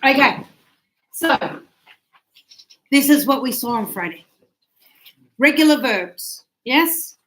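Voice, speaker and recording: A woman's voice: high voice, animated, slow pace, long pauses, a bit bright, a little hiss or hum. A woman teaching an English class, explaining patiently and acting out examples. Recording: echoey classroom.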